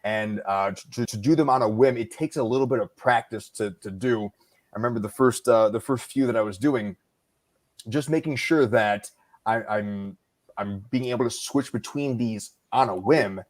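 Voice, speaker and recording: Male narrator guest, mid-pitched, casual, thinks aloud and restarts as he explains. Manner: halting, thoughtful explainer. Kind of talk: casual conversation.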